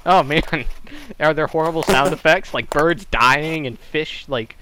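A man's voice: a little high, a little slow. A young man hosting a podcast over voice chat, joking crudely and rambling with many fillers, sounding like he has a cold. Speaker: podcast host. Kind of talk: casual voice chat. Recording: online voice chat with faint noise.

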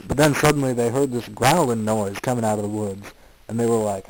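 A man's voice: medium pitch, fairly even intonation, a little fast, low-quality recording. A man hosting a casual online chat, rambling and improvising a goofy story. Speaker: podcast host.

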